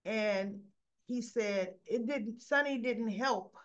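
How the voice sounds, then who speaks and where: A woman's voice: mid-range voice, unhurried. A woman casually recapping a soap opera episode, chatty, briefly acting out the characters' quoted lines in her telling. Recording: slightly dull lo-fi recording.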